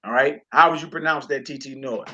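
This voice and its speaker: A man teaching a live-streamed Hebrew lesson casually, repeating words and drilling syllables slowly. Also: medium pitch, sharp tone, muffled recording.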